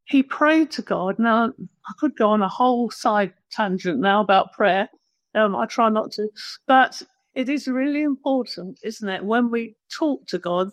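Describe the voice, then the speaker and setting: A woman's voice: mid-range voice, no room sound. A woman preaching a conversational sermon, plain-spoken and self-deprecating.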